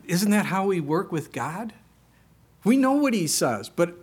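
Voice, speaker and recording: A man's voice: on the high side, normal speed, slightly rough. Man preaching a conversational sermon. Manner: conversational preaching, rising to animated exclamations. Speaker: pastor.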